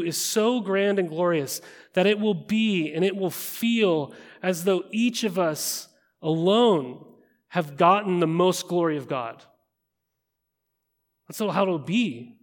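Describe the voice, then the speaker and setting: A man's voice: high-pitched, big-room sound. A man preaching a sermon to a room full of people, in a conversational manner that keeps checking in with rhetorical questions. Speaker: pastor. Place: large room with an audience.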